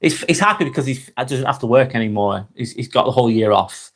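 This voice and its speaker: This fast-talking man has an expressive, fairly bright, medium-pitched voice and a Lancashire accent from North West England. He runs a casual live stream, replying to comments with frequent chuckles and plenty of "mate."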